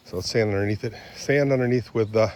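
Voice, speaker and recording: A man's voice: on the low side, darkish tone, slight background noise. Rambling older man vlogging outdoors. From Michigan. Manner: rambling, throat-clearing, chatty asides. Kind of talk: casual rambling vlog. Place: outdoors on his property.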